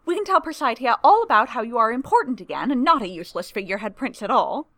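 A woman doing a bright, chatty young woman. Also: on the high side, very animated, quick pace, no echo, clean studio sound, voice pushed up, full character voice.

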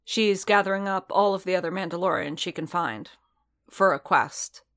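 A woman voicing a weary, stubborn male bounty hunter who talks quietly and haltingly. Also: lowish voice, lightly acted. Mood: earnest.

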